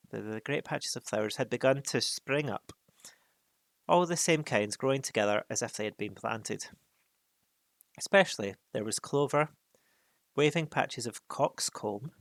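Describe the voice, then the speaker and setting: A man reads a chapter book aloud at an unhurried pace, with a gravelly texture in his mid-range voice. The sound is close and dry, with no room around it. He drops in casual asides between passages. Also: medium pitch, no room sound. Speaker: reader. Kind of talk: reading a novel aloud.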